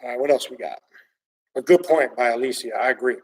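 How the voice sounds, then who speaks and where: Excitable, profane man speaking a bit off-mic. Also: mid-range voice, a little fast, recorded from a distance, low-quality recording. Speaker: occult channel host reading viewer comments. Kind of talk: livestream commentary rant.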